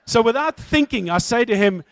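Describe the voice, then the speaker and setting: A man's voice: extremely high pitch, lively intonation, moderate pace, no echo. A middle-aged man from South Africa with a South African accent, giving a candid, self-mocking testimony talk as a guest speaker.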